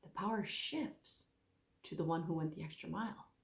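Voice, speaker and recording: A woman giving a casual Bible teaching talk, animated, acting out the voices she quotes. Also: deep voice, moderate pace, vocal fry, reverberant.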